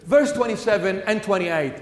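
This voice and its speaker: A man's voice: sits high, normal speed. A man preaching a sermon as a bishop, emphatic, with repeated phrases and rhetorical questions. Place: church. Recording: echoey church hall.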